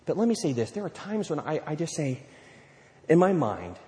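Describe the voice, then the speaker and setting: A male pastor preaching a sermon, lively and conversational, acting out little scenes and quotes as he goes. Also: a little high, normal speed. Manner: animated preaching with playful acted-out quotes. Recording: long hall reverb.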